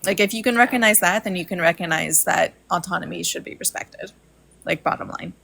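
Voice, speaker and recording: A woman on a livestream panel, agreeable and quick to laugh, talking in restarts. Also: on the low side, creaky, pushed and bright. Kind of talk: casual live discussion.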